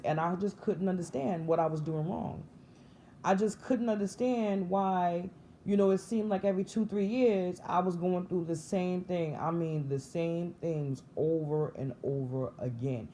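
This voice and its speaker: A woman's voice: fairly low pitch, a little slow, dark tone, slight background noise. Earnest woman telling a spiritual story. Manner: earnest and emotional, with many restarts and repetitions. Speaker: vlogger sharing a spiritual testimony. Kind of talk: personal storytelling to camera.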